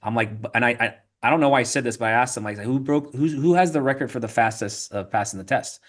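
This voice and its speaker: A man, a podcast guest, telling animated stories in a casual interview, full of restarts and repeated "right?" tags. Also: mid-range voice. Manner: rapid, animated storytelling with frequent "right?" and filler restarts.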